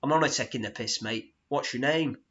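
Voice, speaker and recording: A man playing a crude, confrontational pub lout who shouts and swears, on a dull lo-fi recording. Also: medium pitch, fairly quick, lightly acted. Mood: matey.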